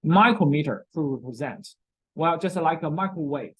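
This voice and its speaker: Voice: mid-range voice, lively intonation, normal speed, fairly bright tone, slightly rough, low-quality recording. Recorded classroom lecture, chemistry teacher, repeats key words, frequent "okay?" checks, non-native grammar.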